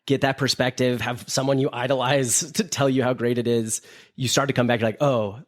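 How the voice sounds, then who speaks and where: A man's voice: medium pitch, flat delivery, a little fast. A man from Utah hosting a podcast, chatting casually and agreeing with his guest in brief reactions. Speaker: podcast host. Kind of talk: casual chat.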